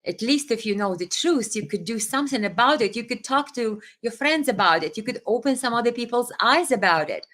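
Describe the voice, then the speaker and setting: A woman's voice: a little high, lively intonation, fairly quick, few pauses, fairly bright tone. A woman hosting a political commentary livestream, talking in an impassioned, indignant way with hesitations and restarts, and reading viewer comments aloud. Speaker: livestream host.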